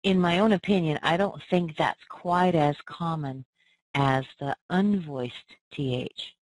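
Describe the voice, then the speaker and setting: A woman's voice: low-pitched, slow pace, a little mellow, no echo, low-quality recording. A woman, coaching pronunciation by answering listener questions and patiently modeling sounds and words aloud.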